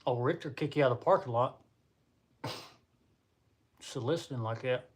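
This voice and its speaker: A man's voice: medium pitch, moderate pace, breathy edge. A young man with a Southern American accent, hosting a casual live chat on a stream in a chatty, folksy way. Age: young adult. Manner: folksy, chatty, addresses viewers as y'all. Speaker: livestream host. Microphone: computer or phone mic on a livestream.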